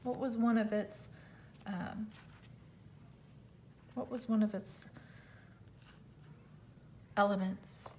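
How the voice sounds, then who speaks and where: A woman teacher reading a fairy tale aloud to children, expressive, with small slips and self-corrections. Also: mid-range voice, slow pace, pauses often, slight background noise.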